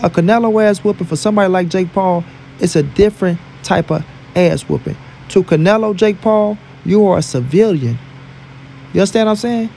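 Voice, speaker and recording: A man's voice: sits high, a little fast, gravelly, warm tone, a little hiss or hum. A man from St. Louis giving casual boxing commentary as a vlogger, with emphatic, repetitive, profane trash talk. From St. Louis, USA.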